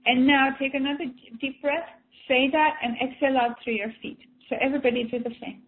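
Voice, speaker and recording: A woman leading a guided breathing and emotional release session, gentle and coaxing, often repeating and restarting her phrases. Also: high-pitched, fairly even intonation, brisk. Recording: tinny phone-like sound.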